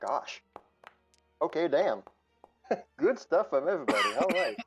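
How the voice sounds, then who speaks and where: A man's voice: on the high side, big pitch swings, a little slow, darkish tone, faint music behind. A man narrating as game master of a tabletop role-playing game, playful and laughing often.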